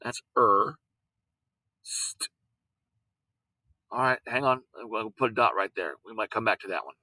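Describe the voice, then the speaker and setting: A man teaching a lesson, patient, repeating words and sounding them out slowly. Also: fairly low pitch, pushed and bright, dry recording, poor audio. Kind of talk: recorded classroom lesson on syllables.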